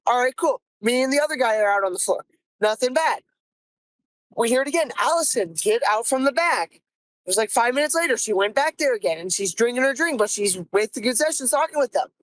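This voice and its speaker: A young woman hosting a podcast, telling a comic story about her first job in an animated, exasperated way and swearing freely. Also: a little high, fairly quick, no room sound, low-quality recording. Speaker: podcast host.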